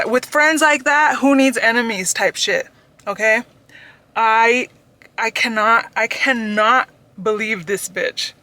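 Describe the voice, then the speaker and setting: Bright-voiced exasperated woman. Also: on the high side. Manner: exasperated, profane, emphatic. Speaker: book vlogger. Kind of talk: casual ranting book review.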